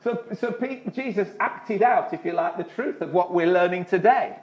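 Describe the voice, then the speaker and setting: High-voiced man preaching a sermon. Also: normal speed. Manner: earnest, often restarts words, chuckles between points. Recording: dull lo-fi recording.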